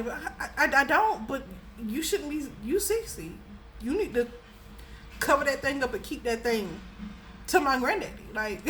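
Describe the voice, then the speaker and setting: Animated, laughing young woman telling a story. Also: fairly quick, slight background noise. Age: young adult. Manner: animated and laughing, with dramatic pitch jumps. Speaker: storyteller, vlogger. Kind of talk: casual storytime vlog.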